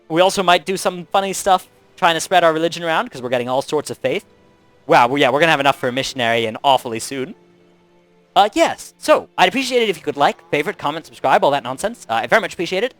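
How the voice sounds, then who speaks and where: A man's voice: on the high side, expressive, fast talker, fairly bright tone, faint music behind. A young man hosting a video game Let's Play, chatting casually with wry asides while he plays. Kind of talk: casual gameplay commentary.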